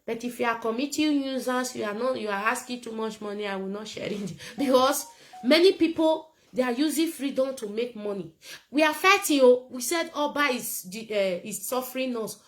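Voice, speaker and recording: A woman's voice: on the high side, animated, normal speed, rough recording. A woman with a Nigerian accent giving a casual political rant to camera, blunt and emphatic and repeating her points. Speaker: political commentator.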